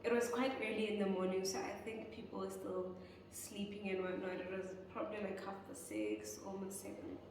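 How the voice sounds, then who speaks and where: A woman's voice: mid-range voice, brisk, a little mellow, slight background noise. A young South African woman telling a storytime vlog, chatty and talking straight to her viewers. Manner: chatty, keeps addressing viewers as "guys". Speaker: vlogger. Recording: echoey room, far from mic.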